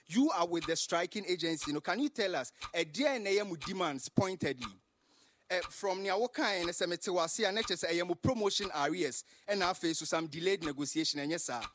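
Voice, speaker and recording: Fast ghanaian guy doing a news-style bit, slightly high voice. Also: expressive, a bit bright, slight background noise. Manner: brisk, mixing English with Twi. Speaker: contestant presenter. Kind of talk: mock news presentation.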